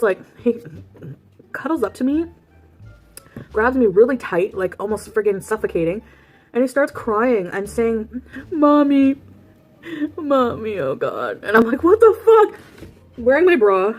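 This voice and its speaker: Chatty woman vlogging from her car. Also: medium pitch. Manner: chatty, laughing often, eating between sentences. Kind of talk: casual storytime and car mukbang. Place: parked car.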